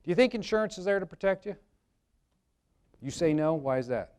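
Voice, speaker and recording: A man's voice: high-pitched, animated, a little fast, a little mellow, clean tone. A man presenting a live workshop, talking conversationally to the audience and telling jokey anecdotes about insurance. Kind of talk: live seminar talk with anecdotes.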